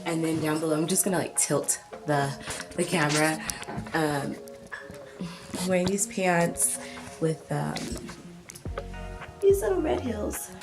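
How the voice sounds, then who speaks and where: A woman's voice: sits low, animated, measured pace, long pauses. A young woman vlogging casually from her car into a phone camera, chatty and giggly, full of "um" and "like". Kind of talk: casual vlog chat. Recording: music playing clearly behind. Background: music.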